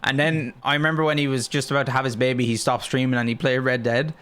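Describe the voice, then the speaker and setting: This Irish man co-hosts a casual gaming stream in a relaxed, everyday voice. He swears freely and bursts out loudly when something surprises him. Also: medium pitch, fast talker, clean tone. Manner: swears freely, loud excited outbursts. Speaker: streamer and co-host.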